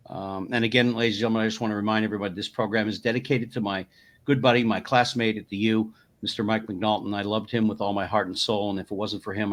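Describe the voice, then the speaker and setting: A man's voice: mid-range voice, a bit bright. A man hosting a podcast, asking his guests long, rambling questions full of fillers. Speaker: podcast host. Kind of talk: casual interview.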